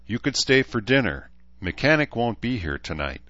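A man doing a calm, thoughtful noble commander. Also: mid-range voice, moderate pace, no echo, muffled recording, pitched above the performer's own voice. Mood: calm, reasoned. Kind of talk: audiobook character voice.

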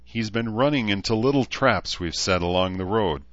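A man voicing a calm, thoughtful male noble commander who explains things in a reasoned, measured way, in an audiobook. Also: fairly low pitch, no room sound, dull audio, voice pushed up, close to an everyday voice. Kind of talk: audiobook character voice.

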